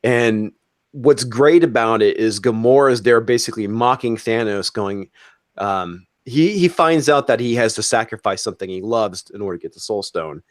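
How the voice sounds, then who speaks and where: Animated man gushing in casual chat. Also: lowish voice, moderate pace, no room sound. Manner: excited, animated storytelling with frequent fillers and swearing. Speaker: roundtable guest.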